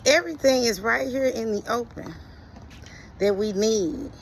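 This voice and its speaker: A middle-aged woman giving an earnest, preachy monologue about life lessons, speaking slowly and deliberately. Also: mid-range voice, bright, forceful tone, a little hiss or hum, poor audio. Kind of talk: reflective motivational monologue.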